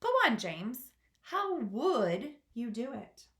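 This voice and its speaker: Woman reading as a gentle, kindly ladybug. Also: fairly high pitch, big pitch swings, slow, echoey room, pitched above the performer's own voice, full character voice. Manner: gentle, coaxing.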